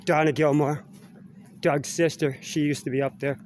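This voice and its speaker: A middle-aged vlogger with a Canadian accent walks around school grounds outside, chatting in a meandering, casual way and ending phrases with "eh?". His voice is on the high side and a little mellow, with fairly even intonation, normal speed, and slight background noise.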